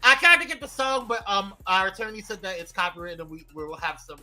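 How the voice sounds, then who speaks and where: Bright-voiced man hosting a live show. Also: high-pitched, quick pace, faint music behind. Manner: lively, greets viewers by name one after another. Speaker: morning show host. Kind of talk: live morning show chat.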